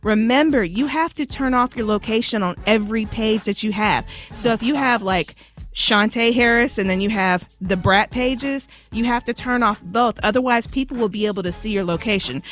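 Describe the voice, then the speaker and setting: A woman's voice: fairly high pitch, moderate pace, fairly bright tone. Woman giving an instructive tech tip. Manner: clear, instructive. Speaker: tech segment host. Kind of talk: news-style tech tip.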